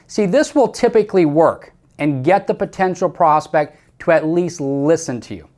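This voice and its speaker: A man's voice: a little high, expressive, normal speed, hardly any pauses, darkish tone. A man coaching salespeople in a training talk, emphatic and repetitive, speaking straight to the listener with firm instructions.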